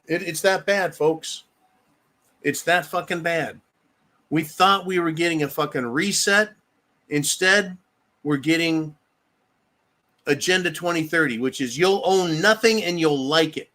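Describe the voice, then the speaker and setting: A man's voice: on the high side, unhurried, pauses often, pushed and bright. Angry man ranting profanely. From United States. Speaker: political commentary host reading viewer comments. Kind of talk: livestream political rant.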